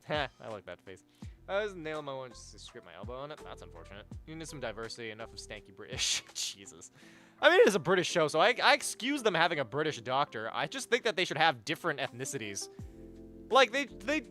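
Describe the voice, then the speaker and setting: This young man is livestreaming, chatting and reading out messages from viewers with plenty of profanity and a wandering, animated flow. His tone is bright with a slight sharpness, his pitch rising and falling a lot, and faint music sits underneath.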